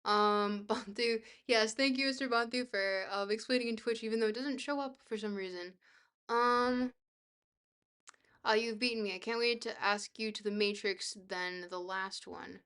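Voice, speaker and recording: Young female streamer, bubbly and goofy, casually reading chat, with a crisp, bright tone. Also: a little high, normal speed. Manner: bubbly, goofy, self-deprecating. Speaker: livestreamer.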